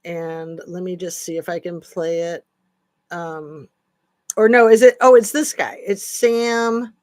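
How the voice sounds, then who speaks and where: Woman host chatting casually on a livestream, slow and unhurried. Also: fairly low pitch, a little mellow. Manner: chatty, scattered, reacting to comments. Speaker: channel host.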